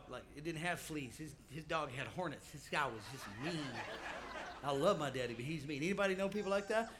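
A man preaching a comic storytelling sermon, animated and calling out to his congregation. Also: a little high, slight background noise. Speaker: pastor.

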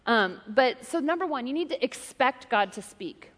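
Middle-aged female pastor, high voice, lively joking sermon, long hall reverb. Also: moderate pace. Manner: animated, joking storyteller. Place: church hall.

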